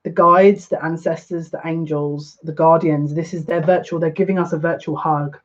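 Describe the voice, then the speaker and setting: A woman giving a live card reading as a psychic, gushing and excitable, easily overwhelmed with emotion. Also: sits low, normal speed, lo-fi sound.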